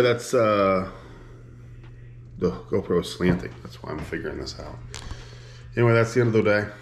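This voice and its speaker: A man's voice: on the low side, roomy sound. A man with a Midwestern American accent talking in a chatty, rambling, self-mocking way to his camera for a casual vlog. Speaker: vlogger.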